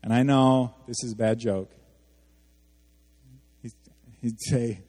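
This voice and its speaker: A man preaching a sermon as a pastor, animated, asking his congregation questions and acting out the quotes he reads. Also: medium pitch, slow pace, long pauses. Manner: animated, asks the audience questions, acts out quotes. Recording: hall reverb.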